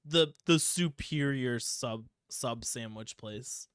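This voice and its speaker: Brief: Midwestern male podcaster, dry close mic, casual and animated. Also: mid-range voice, slow, clean tone, dry recording. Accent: Midwestern American. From Ohio, USA. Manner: animated storytelling, swears casually. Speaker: podcast co-host. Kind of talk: casual chat.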